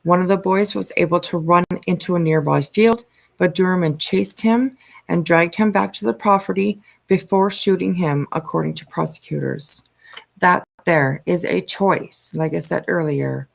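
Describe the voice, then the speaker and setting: A woman hosting a livestream, reading news aloud and commenting in a halting way with frequent ums and uhs. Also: fairly low pitch, steady tone, vocal fry. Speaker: livestream host.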